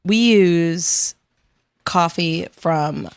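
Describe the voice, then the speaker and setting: A woman's voice: lowish voice, extremely slow, clear, resonant tone, no echo. Candid, chatty woman guest. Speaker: guest, ice cream maker. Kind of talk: casual chat. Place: podcast studio.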